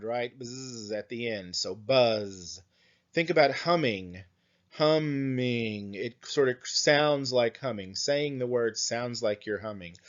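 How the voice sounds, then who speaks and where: A man's voice: mid-range voice, highs cut off. A man teaching an English class, explaining poems and song lyrics with frequent "right?" checks and fillers. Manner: slow, thinking aloud with frequent "right?" and "um"; reads lyrics and verse aloud. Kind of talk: recorded lecture.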